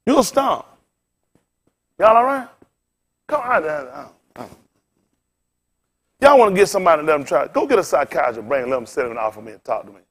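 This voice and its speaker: A man's voice: fairly high pitch, expressive, rapid-fire, fairly bright tone. A man in his fifties preaching to his congregation, tired and frustrated, firing off rhetorical questions and repeating phrases with sudden rises and drops in force. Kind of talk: impassioned sermon to a congregation.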